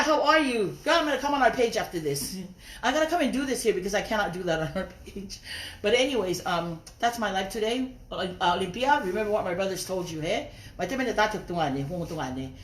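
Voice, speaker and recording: Young woman, heated live-stream rant, rapid and lively, roomy echo. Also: medium pitch, a little hiss or hum. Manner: confrontational, mixing Tongan and English. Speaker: livestreamer.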